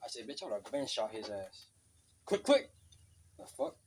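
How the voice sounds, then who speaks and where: Profane low-voiced man ranting outdoors. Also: big pitch swings, a little fast, a little hiss or hum. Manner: profane, blunt, storytelling. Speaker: vlogger. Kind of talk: casual rant to camera.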